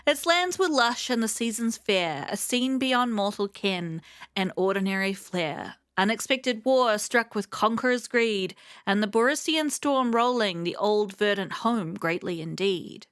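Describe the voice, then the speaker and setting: A woman's voice: mid-range voice, animated, measured pace, a bit bright, clean tone, dry recording, studio quality. A young woman hosting a let's play, chatting casually and reading the game's text aloud with frequent fillers. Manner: reads game text aloud between remarks, frequent fillers. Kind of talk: casual gameplay commentary.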